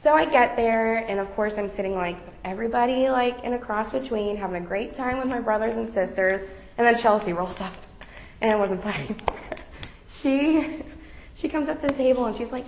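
Speaking fairly quickly in a fairly high pitch, a young group member gives her faith testimony in casual talk packed with fillers. There's slight background noise and a roomy echo.

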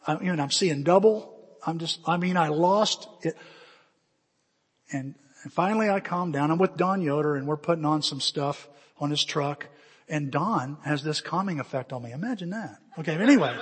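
High-voiced husky preacher in a hall. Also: male voice, normal speed. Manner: animated, bursts into shouts and laughter while acting out stories. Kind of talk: storytelling sermon. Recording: long reverb of a large hall.

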